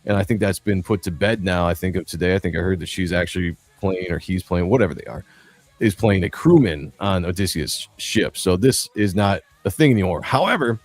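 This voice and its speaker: This livestream host has a low-pitched voice and a fairly quick delivery. He chats casually, wanders from point to point, cracks jokes and laughs a lot.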